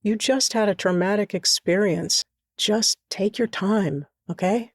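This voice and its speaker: A gentle young man, played by a woman reading aloud, reassuring and soft in manner. He speaks slowly and quietly, slightly lower than her own voice. The recording is dry and close. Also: dry recording, lightly acted. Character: gentle, caring young man named Liam.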